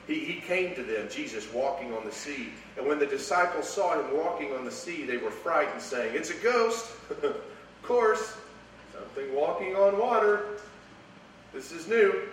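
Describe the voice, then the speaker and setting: Male preacher, fairly high voice, lively sermon delivery, picked up from far off in a very echoey hall with faint hiss. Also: moderate pace. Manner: animated, repeats words, voice swings from hushed to raised.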